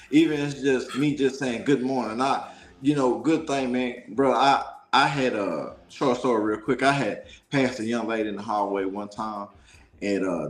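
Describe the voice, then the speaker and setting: A man from Dallas, a talk show guest telling a story in an animated, preachy way. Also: on the low side, reverberant. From Dallas, Texas. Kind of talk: casual storytelling.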